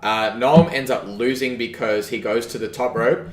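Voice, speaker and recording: A man's voice: medium pitch, moderate pace. Chatty man in an echoey room. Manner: rambling, filler-heavy, enthusiastic. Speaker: podcast co-host. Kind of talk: casual chat, recapping wrestling shows.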